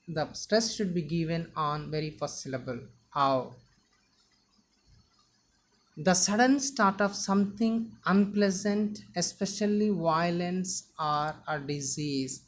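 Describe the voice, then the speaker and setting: Woman, teacher, slow and deliberate, repeats and stresses syllables. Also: lowish voice, slight background noise. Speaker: English teacher. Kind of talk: slow vocabulary lesson.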